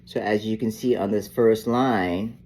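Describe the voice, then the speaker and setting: An older man teaching saxophone in an unhurried, rambling way, often restarting his sentences. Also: lowish voice, steady tone, a little mellow, a little hiss or hum. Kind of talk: casual instructional talk.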